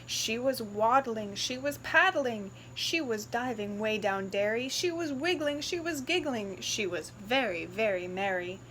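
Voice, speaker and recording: A woman reads a picture book aloud in a sing-song, expressive voice that runs high and swoops widely. She takes it slow, and faint background hiss runs under the recording. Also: poor audio. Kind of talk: read-aloud storytelling.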